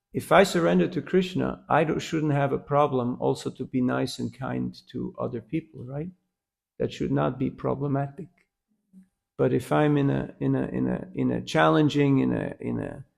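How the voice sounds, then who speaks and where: A man's voice: mid-range voice, creaky. A man giving a devotional class, telling a story with humor and often asking the listeners "huh?". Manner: lively storyteller, asks "huh?" often, laughs at own jokes. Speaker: temple lecturer.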